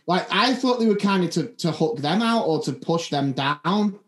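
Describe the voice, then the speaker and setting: A man's voice: sits high, expressive, moderate pace, fairly bright tone. A man co-hosting a podcast, rambling through funny anecdotes with lots of restarts. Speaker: podcast co-host. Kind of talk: casual chat. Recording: roomy echo.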